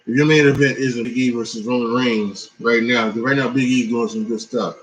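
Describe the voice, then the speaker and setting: Tired man, mid-pitch voice, rambling casual wrestling reaction full of fillers and restarts. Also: fairly even intonation, a little fast, a little hiss or hum, poor audio. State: tired, yawning. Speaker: wrestling commentator.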